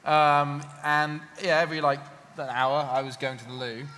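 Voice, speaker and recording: British man, co-host on a live convention stage, bright, rambling storyteller; hall reverb. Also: fairly high pitch, fairly even intonation, normal speed, a little hiss or hum. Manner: rambling anecdotal storytelling with laughs. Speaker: podcast co-host. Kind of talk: live podcast banter on stage.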